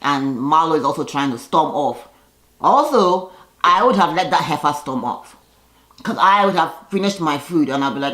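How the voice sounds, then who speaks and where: A woman's voice: sits low, lively intonation, normal speed, a bit bright. A woman giving a casual recap of a reality TV episode, with sassy commentary and a habit of acting out the cast's lines in voices. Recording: roomy echoey room.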